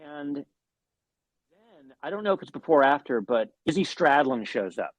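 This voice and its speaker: A man, a guest musician, telling animated anecdotes in an interview, swearing often and restarting his sentences. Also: on the high side, measured pace, no room sound, dull audio. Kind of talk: storytelling in an interview.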